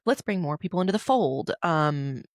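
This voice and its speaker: A woman's voice: low-pitched, lively intonation, moderate pace, no room sound, studio quality. A woman co-hosting a casual podcast chat, talking in a loose, filler-heavy way and acting out remembered quotes. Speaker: podcast co-host.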